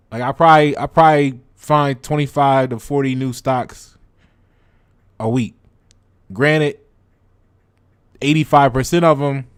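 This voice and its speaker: A man's voice: on the high side, dry recording, clean studio sound. A man hosting a trading channel, chatting casually to his viewers with lots of repeated words and direct asks like "you see what I'm saying". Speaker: stock trading channel host. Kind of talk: casual explanatory chat to viewers.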